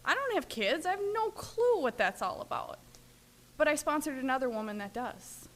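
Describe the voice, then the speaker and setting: A woman's voice: high-pitched, very animated, moderate pace, a bit bright. A woman from Minnesota speaking at a recovery workshop, telling stories in a chatty way full of fillers. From Minnesota, USA. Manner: chatty storyteller, many fillers. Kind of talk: recovery talk, personal sharing.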